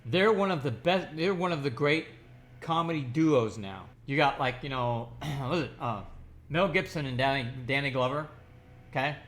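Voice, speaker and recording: A man reviews a movie in a loose, gushing way, tripping over restarts as he piles on praise. His voice sits a little high for a man. The talk is casual and unscripted. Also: moderate pace, a bit bright. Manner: rambling, gushing, with frequent restarts and fillers.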